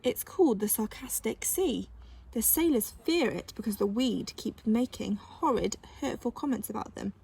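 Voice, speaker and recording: A woman's voice: a little high, expressive, normal speed, vocal fry, warm tone, breathy edge, exaggerated voice. A woman voicing a prim, know-it-all young mermaid in a storybook reading. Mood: matter-of-fact.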